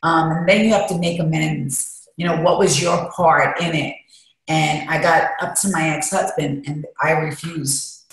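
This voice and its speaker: A woman's voice: low voice, steady tone, measured pace, gravelly. A woman guest talking candidly and emotionally, rambling as she shares her feelings in an interview. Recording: echoey room.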